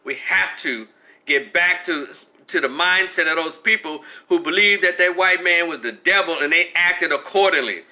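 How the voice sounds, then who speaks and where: A man hosting a live stream, giving casual, animated commentary with frequent restarts and answering viewers in the chat. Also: on the high side, moderate pace.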